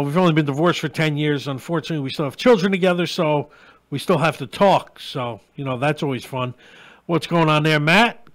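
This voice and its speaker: Man, middle-aged, live-stream host, blunt crude rants, high pitched voice. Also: a bit bright. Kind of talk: live-stream rant and chat.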